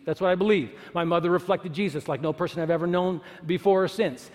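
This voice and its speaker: A man giving an animated, sermon-like talk to an audience, full of rhetorical questions and emphatic repetition. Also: high-pitched, fast talker. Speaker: speaker at a church or university gathering. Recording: long hall reverb.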